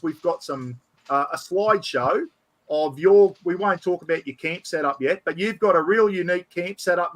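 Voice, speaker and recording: A man's voice: fairly high pitch, fairly bright tone. Chatty enthusiastic man. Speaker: host. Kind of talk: casual chat.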